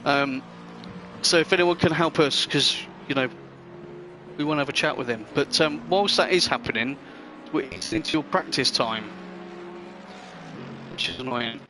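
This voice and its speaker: Talking with viewers on his sim racing live stream, a man rambles in a casual, friendly way. His pitch is fairly high and his pace moderate, he pauses often, and the background is noisy.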